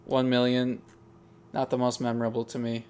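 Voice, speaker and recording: A man talking casually as he ranks songs. He thinks aloud, hesitates and restarts often, in a voice of middling pitch. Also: completely flat delivery, normal speed, a little mellow, smooth. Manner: musing, hesitant, frequent ums and restarts. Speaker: music ranking video host. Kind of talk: casual tier-list commentary.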